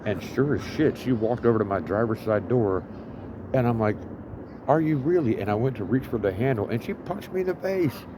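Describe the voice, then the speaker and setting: Low-voiced man telling a profane story. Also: animated, a little fast, background noise. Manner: profane, rambling, full of fillers. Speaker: vlogger living homeless. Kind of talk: rambling storytelling.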